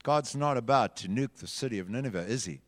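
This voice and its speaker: A man's voice: medium pitch, lively intonation, quick pace. A man leading a children's church group, telling a Bible story dramatically and directing the children to act it out. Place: large hall. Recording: long hall reverb.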